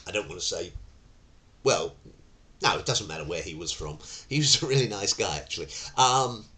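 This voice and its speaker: A middle-aged man teaching tai chi, telling anecdotes and acting out the voices in them. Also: on the low side. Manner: animated storyteller who acts out voices.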